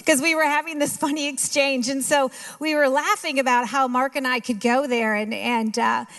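A woman in her fifties with a Minnesotan accent tells her story to a recovery group. She talks in a chatty, self-deprecating way, full of little fillers. Her voice sits a touch on the high side. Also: fairly even intonation, normal speed, fairly bright tone. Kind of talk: personal testimony to a group.

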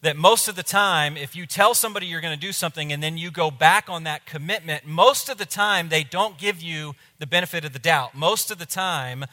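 Bright-voiced pastor in an echoing hall. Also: male voice, on the high side. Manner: animated storyteller, drops to a hush in tense moments. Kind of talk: sermon storytelling.

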